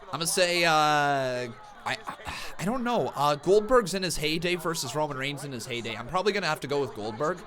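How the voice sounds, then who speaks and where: A man hosting a live wrestling reaction stream, calling the action like an excitable commentator and chatting with viewers. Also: on the high side, a little fast.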